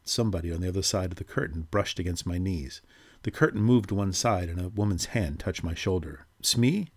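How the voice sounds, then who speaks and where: A man reading a ghost story aloud in measured, steady narration. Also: deep voice, slightly rough.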